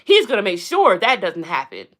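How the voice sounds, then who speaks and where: A woman hosts a casual live stream, dishing blunt, sassy gossip about celebrities and reality TV and calling out to her viewers. Her fairly bright voice swoops wildly in pitch at a normal speed.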